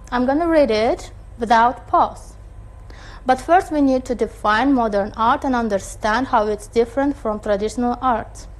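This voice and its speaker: Female English teacher, high and unhurried, online class delivery. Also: poor audio. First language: Turkish. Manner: slow, deliberate teacher talk with frequent checks. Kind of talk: online lesson.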